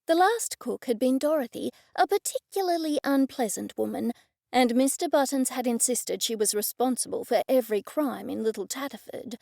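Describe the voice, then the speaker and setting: Woman narrating with a gravelly edge. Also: high voice, expressive, moderate pace, a little mellow, no echo, studio quality. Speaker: audiobook narrator. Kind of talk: first-person cozy mystery narration.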